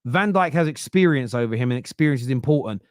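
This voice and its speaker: This football podcast host, who has a Southern English accent, chats casually, often restarting as he reasons aloud and making his argument point by point. His mid-range voice is fast and lively in intonation with a darkish tone, captured in clean studio sound without echo.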